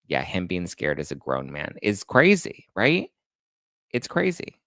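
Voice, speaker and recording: A man with a fairly low voice hosts a casual commentary show. He reads legal filings and chat comments aloud, then breaks into indignant, profane reactions. The sound is dry and close, with no room around it. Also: huge pitch swings, unhurried, a bit bright, no room sound. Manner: heated, indignant, swearing. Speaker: host.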